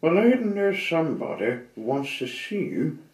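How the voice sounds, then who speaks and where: Cheeky little goblin, high and bright, put on by a male storyteller; lively, echoey distant recording. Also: normal speed. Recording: roomy, slightly distant mic.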